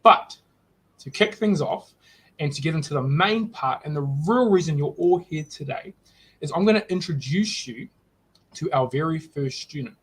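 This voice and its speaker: An enthusiastic man hosts a live online market for students. His voice is a little husky and sits on the higher side for a man, and he talks in a loose, rambling way, restarting his sentences as he goes. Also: expressive, normal speed, poor audio. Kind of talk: live online event hosting.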